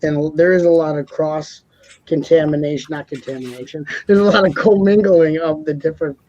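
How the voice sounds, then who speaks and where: A man's voice: a little high, a little fast, a little mellow, dull audio. A man co-hosting a casual live stream panel, talking in a rambling way, repeating words and laughing often.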